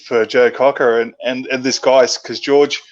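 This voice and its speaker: A man's voice: mid-range voice, little pitch movement, unhurried. A man hosting a casual chat, easygoing and laughing often. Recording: dull lo-fi audio.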